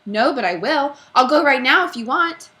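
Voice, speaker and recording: A timid little schoolboy , put on by a woman, whines and frets in a high, thin voice. The tone stays bright and anxious throughout. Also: lively intonation, normal speed. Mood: scared. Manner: whiny, fretful.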